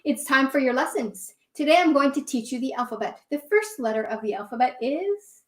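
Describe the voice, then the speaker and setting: Bossy little bear girl playing teacher, read by a lady, scolding, high voice, echoey room. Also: expressive, a little fast. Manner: commanding, scolding.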